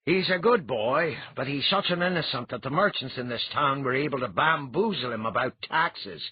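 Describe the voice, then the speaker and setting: A man voicing a blunt, hearty clan chief with a husky voice. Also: mid-range voice, expressive, moderate pace, pitched above the performer's own voice. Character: gruff blunt clan chief, reformed drinker. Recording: dull lo-fi audiobook recording.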